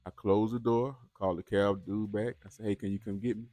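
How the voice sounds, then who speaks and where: Chatty low-voiced man reacting to videos. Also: fairly even intonation, brisk, dark tone, dry recording. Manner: chatty, talks straight to viewers, repeats words. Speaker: host of a bodycam reaction channel. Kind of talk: casual reaction commentary.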